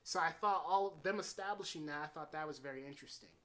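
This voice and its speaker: A man giving a casual spoken film review, excitable and swearing freely as he runs through scene after scene. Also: fairly high pitch, fast. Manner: excitable, swears freely, strings events with "and then". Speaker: movie reviewer.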